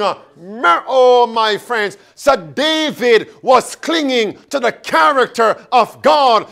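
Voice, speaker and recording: A man delivers a sermon in a high, animated voice that swoops up and down. He speaks slowly, drawing out key words for emphasis. He keeps turning to the congregation with questions. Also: vocal fry. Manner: calls and questions to the congregation, drawn-out emphatic phrases. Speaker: preacher.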